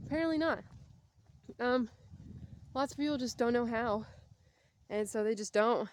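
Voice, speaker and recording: A woman's voice: fairly high pitch, normal speed, pauses often. A young woman vlogging casually while out walking, chatty and rambling, and out of breath. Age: young adult. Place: outdoors on a walk.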